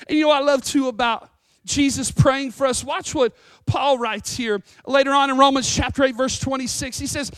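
A woman pastor preaching a sermon, earnest and emphatic, slowing down to stress lines of scripture. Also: sits high, fairly even intonation, no room sound, studio quality. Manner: earnest, emphatic, with scripture readings and dramatic slowdowns.

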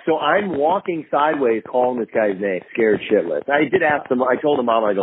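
A man calls in as a podcast guest and tells his story with lively energy, jumping into the voices of the people in it. His voice sits in an ordinary middle range for a man. It comes through a narrow, tinny phone line with a faint hiss underneath. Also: mid-range voice, a little fast, hardly any pauses. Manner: animated, acts out other people's lines in a raised voice. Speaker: guest filmmaker. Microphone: phone call.

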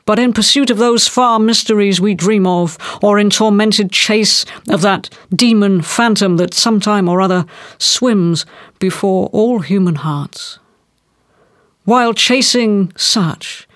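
A woman reads a classic novel aloud, slow and deliberate. Her voice sits at a middle pitch and sounds dry and close. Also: no room sound. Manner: measured, deliberate delivery. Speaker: audiobook reader. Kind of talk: literary reading.

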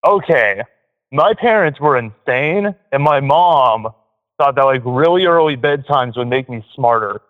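A man with a Southern accent calling into a show, talking in an easygoing, relaxed way. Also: mid-range voice, unhurried. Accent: Southern American. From rural American South. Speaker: caller. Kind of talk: casual phone chat. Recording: tinny phone line.

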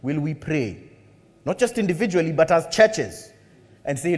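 A man preaching a sermon, animated and humorous, acting out bits of dialogue as he tells a story. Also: a little high, normal speed, long reverb tail. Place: church hall.

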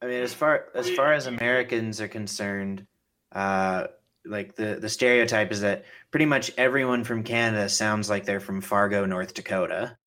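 A man's voice: fairly low pitch, moderate pace, fairly bright tone. A man co-hosting a podcast in casual chat, chatty and a little self-deprecating. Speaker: podcast co-host. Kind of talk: casual interview conversation.

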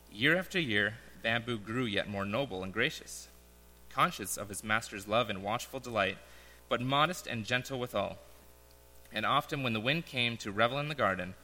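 Young male preacher, easygoing storyteller, lowish voice, long reverb from a large church hall. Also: sharp tone. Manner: casual, joking, then reads a story aloud. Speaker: pastor. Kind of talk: sermon.

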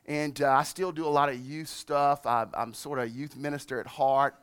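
A middle-aged male pastor preaching a sermon, slowing and rising on scripture and dropping soft and low when he reflects. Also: level tone, clear, resonant tone. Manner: emphatic preaching, slows and rises on scripture, drops soft on reflection.

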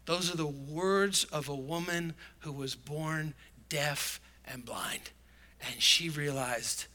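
A man's voice: on the high side, takes it slowly, pushed and bright. A male pastor delivering a sermon in an emphatic, conversational preaching manner.

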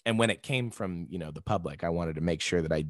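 A man's voice: sits low, fast, dry recording, clean studio sound. A man, a podcast guest, telling stories in casual chat and acting out the people in them. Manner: animated, acts out quoted people mid-story.

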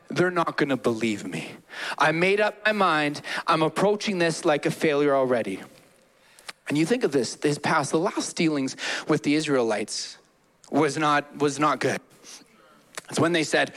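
A man preaching a sermon as a pastor in a church, animated, acting out quotes with playful voices. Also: a little high, unhurried.

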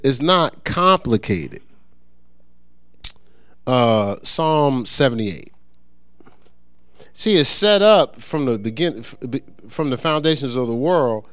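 A middle-aged man preaching an informal sermon, reading scripture and talking it through in a loose, conversational, animated way. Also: medium pitch, no echo, clean studio sound. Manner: conversational, animated, with many restarts and sports anecdotes.

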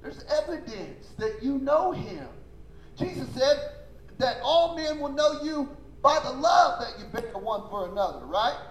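High-voiced preaching pastor, man. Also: expressive, measured pace, roomy sound, a little hiss or hum, rough recording. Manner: emphatic preaching with call-and-response; folksy, informal phrasing. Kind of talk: sermon.

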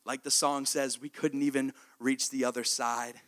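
A man preaching a sermon, telling a story in an animated way that sometimes drops to hushed, intimate tones. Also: mid-range voice, normal speed.

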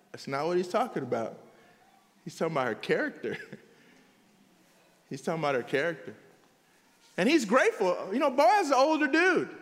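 An animated man delivers a sermon, breaking into laughter and quick asides. His voice sits high for a man. A long reverb trails behind him in the room. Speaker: pastor.

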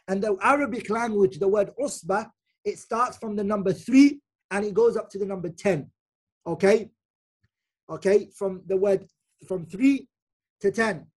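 A man with a husky, slightly rough voice gives a Quran commentary lecture as an Islamic teacher. He explains patiently and repeats his key points. He often pauses to ask "okay?" to keep his listeners with him. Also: sits high. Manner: repeats key phrases for emphasis.

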